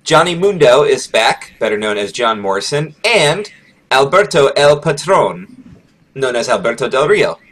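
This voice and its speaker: A man hosting a podcast in casual chat, talkative and quick to laugh. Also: medium pitch, big pitch swings, fairly bright tone, low-quality recording. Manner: chatty, laughs easily. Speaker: podcast host.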